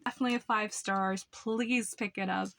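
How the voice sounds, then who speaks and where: A young woman chatting through book reviews at a mid pitch. She rambles along, filling her sentences with "like" and "um." The sound is close and dry. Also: fairly even intonation, moderate pace, vocal fry, fairly bright tone, no room sound. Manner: rambling, lots of "like" and "um" fillers. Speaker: book vlogger.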